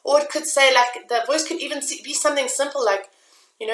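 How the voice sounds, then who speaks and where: A woman's voice: mid-range voice, fairly even intonation, a little fast, a bit bright, reverberant, low-quality recording. A woman giving an earnest, confessional motivational talk straight to her listeners. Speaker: self-help vlogger. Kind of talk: personal motivational talk to camera.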